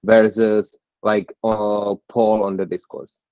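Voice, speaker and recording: A low-voiced man asks questions haltingly, pausing to search for words. His audio is completely dry and dull, like a lo-fi call. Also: flat delivery, clean tone, dry recording. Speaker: discussion host. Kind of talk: casual interview questions.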